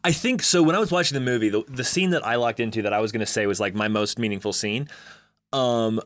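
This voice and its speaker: A man's voice: mid-range voice, fast talker, fairly bright tone, no room sound. A man co-hosting a casual film discussion, thoughtful and working through ideas step by step. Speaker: film podcast co-host.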